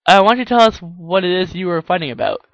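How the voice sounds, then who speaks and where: Smooth salesman stallion, read by a man, polite and eager, on a dull dry recording. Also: high voice, very animated, fast talker, fairly bright tone, no echo, pitched above the performer's own voice, heavily acted.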